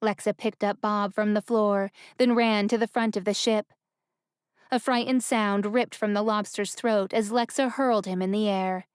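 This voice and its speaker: A woman narrates a fantasy novel at a steady, even pace. Her voice is smooth and resonant at a middle pitch. The recording is dry and close, with no room sound. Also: normal speed, no room sound. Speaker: audiobook narrator. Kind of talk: scripted narration.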